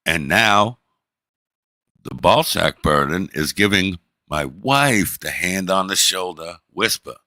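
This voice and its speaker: A middle-aged man streaming, telling a story in a profane, animated way and acting out the people in it. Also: sits low, slow pace, dry recording, studio quality. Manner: profane, animated, acts out the people in his stories. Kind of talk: casual storytelling.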